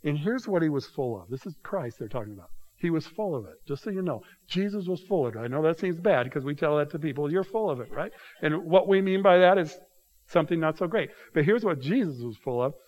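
A man's voice: fairly high pitch, lively intonation, brisk, a little mellow, rough recording. A man preaching a sermon as pastor, reading scripture aloud with rising emphasis and talking straight to his congregation. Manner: addresses congregation directly as "you guys".

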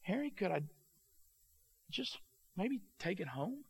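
A man voicing a soft-spoken, weary woman turning thirty-nine, who talks in a hesitant, halting way. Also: high-pitched, very animated, gravelly, slightly rough, pitched above the performer's own voice, full character voice. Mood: wistful.

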